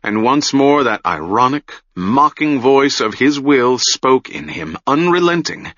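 Audiobook narrator, man, very slow and solemn, bright-edged tone, dull lo-fi recording. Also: medium pitch, expressive, no room sound. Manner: measured, solemn reading. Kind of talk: scripted fantasy narration.

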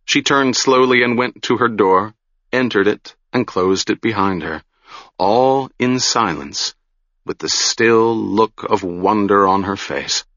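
A man narrating a fantasy audiobook in a measured, deliberate storytelling manner. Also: lowish voice, a bit bright, no room sound, muffled recording.

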